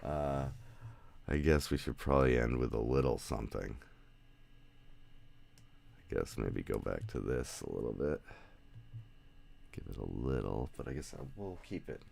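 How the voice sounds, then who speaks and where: A man with an extremely low, gravelly voice hosts a casual podcast, talking with guests over a remote call. His pitch swings widely as he rambles, corrects himself mid-sentence and laughs often. The sound is dry and close. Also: expressive, unhurried, pauses often, a little mellow, dry recording. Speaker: podcast host.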